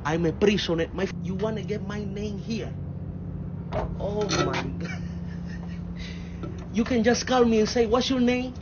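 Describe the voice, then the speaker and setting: A man's voice: high-pitched, measured pace, pauses often, muffled recording, heavy background noise. A man playing a blunt, exasperated Hispanic father in a comedy sketch, speaking with broken grammar and a mocking tone. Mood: mocking scold.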